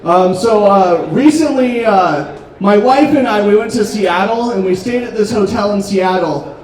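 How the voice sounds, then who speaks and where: A man doing a stand-up set, telling dark jokes in a deadpan way with frequent ums, on a restaurant comedy stage. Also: high voice, unhurried. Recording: roomy club, distant mic, crowd noise. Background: audience laughter.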